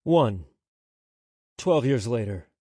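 A man narrating an audiobook in a measured, unhurried storytelling manner on a close studio mic. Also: mid-range voice, expressive, warm tone, no room sound. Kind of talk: scripted narration.

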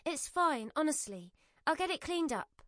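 A woman's voice: high voice, sing-song, normal speed, a bit bright, dry recording, clean studio sound, pitched above the performer's own voice. A woman narrator voicing a kindly supermarket cashier who soothes and reassures a customer in an audiobook. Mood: soothing.

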